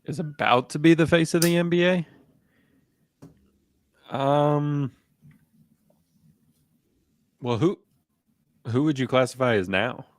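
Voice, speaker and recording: A man co-hosting a sports podcast, rambling in a relaxed way with lots of fillers and restarts. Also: fairly high pitch, takes it slowly, pauses often, dry recording. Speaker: podcast co-host. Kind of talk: casual sports chat.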